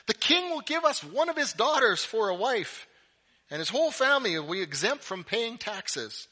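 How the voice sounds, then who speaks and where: A pastor voicing excited soldiers passing on a rumor, eager and gossipy. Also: male voice, sits high, normal speed, voice pushed up, exaggerated voice.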